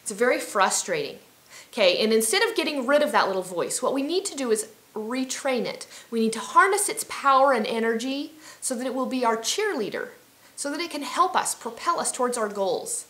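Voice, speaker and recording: A woman's voice: fairly high pitch, lively intonation, brisk, sharp tone, reverberant. A woman hosting an instructional self-help video, talking in a friendly, chatty way with fillers and restarts. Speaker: healing coach and video host.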